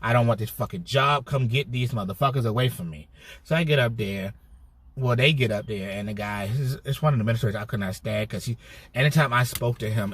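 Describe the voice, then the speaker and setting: A man vlogging a casual storytime, telling it in a heated, profane way with animated bursts. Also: lowish voice, background noise. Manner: cheerful put-on customer-service voice when mimicking himself.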